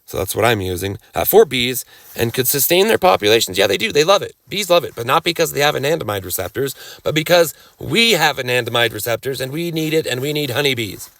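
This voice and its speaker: A man's voice: medium pitch, very animated, a bit bright, dry recording. A man lecturing casually from slides, rambling with restarts, sarcastic asides and occasional coughing. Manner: rambling, halting restarts, coughs and throat clearing. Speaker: cannabis rights lecturer.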